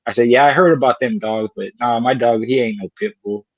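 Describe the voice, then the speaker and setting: A man's voice: mid-range voice, fairly quick, no echo. Folksy older male co-host, laughing storyteller, very dry close sound, muffled. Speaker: podcast co-host. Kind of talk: casual storytelling chat.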